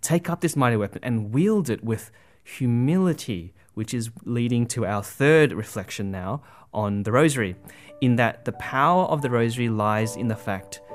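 A man giving a conversational religious talk, earnest and full of asides like "you know" and "right?", often restarting his sentences. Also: mid-range voice. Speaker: Catholic speaker.

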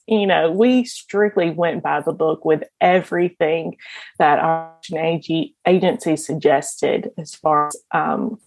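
A woman's voice: lowish voice, slow pace, dry recording. A woman guest on a podcast, telling her story in a casual, rambling way, often laughing and restarting her sentences. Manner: laughs often while talking; rambling, with many fillers and restarts.

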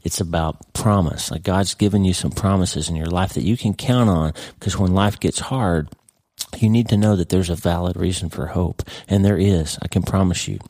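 A middle-aged man hosts a casual devotional podcast with a very low, mellow voice. He rambles earnestly and often restarts his sentences. The sound is dry and close. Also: fairly even intonation, moderate pace, no room sound. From United States. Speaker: podcast host.

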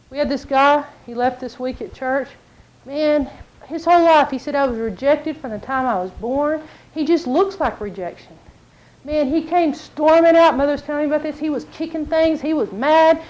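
A woman's voice: high voice, moderate pace, poor audio. A woman preaching a sermon, telling stories and acting out what people said. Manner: animated storytelling, acts out quotes.

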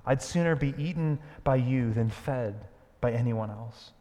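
A pastor voicing a timid, devoted female horse who speaks softly and tremblingly in a storybook reading. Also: mid-range voice, a little slow, in a large hall, close to an everyday voice. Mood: awed. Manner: soft, hushed and trembling.

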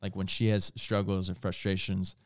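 Man, lowish voice, earnest, self-correcting restarts, casual faith talk, dry sound. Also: little pitch movement, moderate pace, dry recording. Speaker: podcast co-host.

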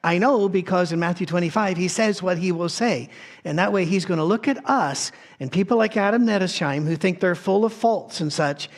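A man preaching a sermon as pastor, telling a story in a relaxed, conversational way with frequent restarts. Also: high voice, moderate pace. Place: soundstage.

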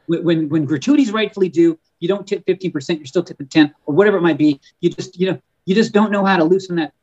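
A man, an author and guest on a podcast, talking in a fervent preaching style, often repeating words and slowing down on key words. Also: high voice, a little mellow, muffled recording. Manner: fervent and emphatic, stretching key words slowly; frequent stumbles and repeated words. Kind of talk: preaching-style conversational talk.

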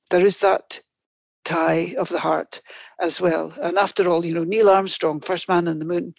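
A woman historian with a Scottish accent, telling stories in an expressive, chatty way as an interview guest. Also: on the low side, vocal fry, no room sound. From Scotland. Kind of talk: animated storytelling interview answers. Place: office in Orkney. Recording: dull, dry lo-fi audio.

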